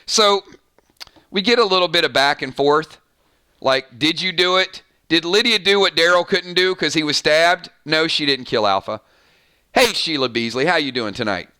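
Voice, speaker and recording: Man, live-stream host, casual chat, bright tone, slightly high pitch, frequent restarts. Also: moderate pace, clean tone. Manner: chatty, self-interrupting, stumbles and restarts often.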